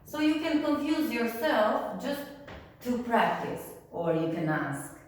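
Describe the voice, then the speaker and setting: An Albanian woman teaches an online language lesson, taking her time and repeating each word slowly. Her pitch swings a lot as she explains. She sits back from the mic in a room with a strong, long echo. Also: big pitch swings. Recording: echoey room, voice from a distance.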